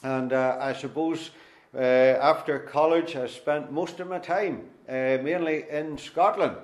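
A middle-aged man with a Northern Irish accent speaks as a guest preacher, introducing himself in a homely, folksy way with gentle self-deprecating humour before reading scripture. His voice is a little high and unhurried, and the room is echoey.

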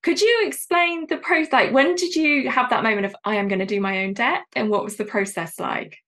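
A woman's voice: medium pitch, brisk, a bit bright. A woman with a British accent hosting an interview, telling stories and asking questions conversationally. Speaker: podcast host.

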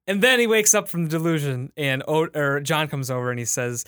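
Smooth-voiced man retelling a comic. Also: fairly high pitch, fairly quick, fairly bright tone, dry recording, studio quality. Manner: retelling a comic with lots of fillers and restarts. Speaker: podcast producer and guest. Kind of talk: casual podcast chat.

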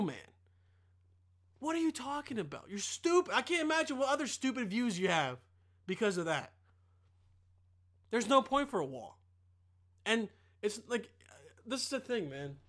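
A man's voice: high-pitched, sharp tone. A young man ranting in a casual monologue, profane and rambling, often sidetracked.

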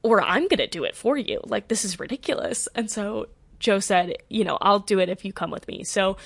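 A woman's voice: on the low side, dry recording. Chatty young woman, dry close sound. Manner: gushing, chatty, many "like"s. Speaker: podcast host. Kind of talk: casual storytelling.

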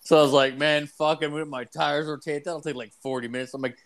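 A man's voice: fairly high pitch, fairly even intonation, fast talker. Profane rambling young guy. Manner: profane, rambling storytelling full of "like". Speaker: podcast co-host. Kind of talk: casual podcast chat.

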